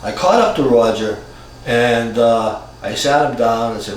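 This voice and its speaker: A man's voice: medium pitch, slight background noise. Guy in his 60s telling a family story, stops and restarts a lot, sounds far off in a big echoey room. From Cambridge, Massachusetts. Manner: reflective, halting, with frequent restarts. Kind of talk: personal storytelling.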